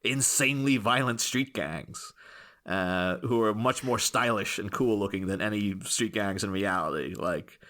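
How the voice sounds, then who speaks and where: A man's voice: fairly low pitch, measured pace, pushed and bright. An English man co-hosting a podcast, chatting casually and rambling with frequent chuckles and restarts. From England. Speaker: podcast co-host. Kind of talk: casual chat.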